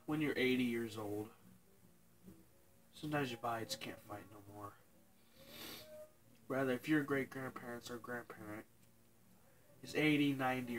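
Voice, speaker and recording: A young man telling a painful personal story to his viewers, halting and tearful, pausing and restarting as he cries. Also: medium pitch, a bit bright, rough recording. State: crying. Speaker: vlogger. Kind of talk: emotional personal story to camera.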